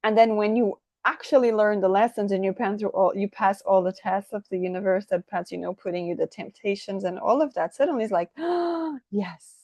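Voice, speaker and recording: A woman giving a channeled tarot reading, effusive and excitable, tripping over her words and asking "right?" again and again. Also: mid-range voice, fairly quick, few pauses, dry recording. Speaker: tarot reader.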